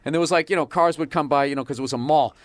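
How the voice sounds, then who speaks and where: A high-pitched man tells a profane, excitable story in casual podcast talk. He jumps between details with loose, swearing energy. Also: very fast, no echo. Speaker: comedian guest.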